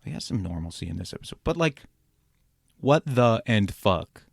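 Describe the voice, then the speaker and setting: A man's voice: fairly low pitch, sing-song, normal speed, gravelly, dry recording, clean studio sound. Profane sarcastic man ranting. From immigrant. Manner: profane, sarcastic, swings between loud outbursts and muttering. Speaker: commentary podcast host. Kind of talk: ranting reaction commentary.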